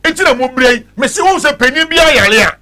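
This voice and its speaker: High-pitched ranting Ghanaian man. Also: animated, fast, bright, forceful tone. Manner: agitated, ranting, mixes English with Twi. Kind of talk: heated studio talk show rant.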